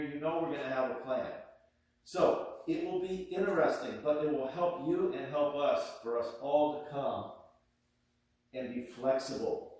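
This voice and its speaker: A man's voice: fairly high pitch, darkish tone. A male PE teacher giving students upbeat, preachy encouragement. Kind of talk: addressing students in a video. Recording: echoey gym, distant mic.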